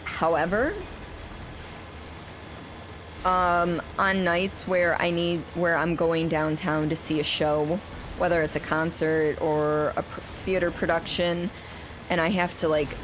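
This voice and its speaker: Lower-voiced woman streamer, noisy background. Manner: rambling and chatty, with frequent restarts. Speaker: game streamer. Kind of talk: casual chat while playing and reading chat aloud.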